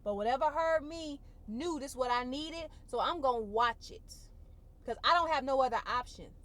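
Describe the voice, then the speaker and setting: A woman vlogger giving an emotional personal testimony in a colloquial, expressive way, repeating phrases for emphasis and holding back tears. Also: sits high, normal speed. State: tearful.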